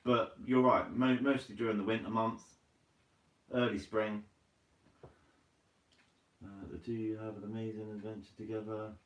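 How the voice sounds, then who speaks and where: A man's voice: lowish voice, flat delivery, moderate pace, long pauses, recorded from a distance, muffled recording. A man hosting a fishing channel live stream, reading viewer comments aloud in a casual, chatty way and calling people mate. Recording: roomy, from away from the mic.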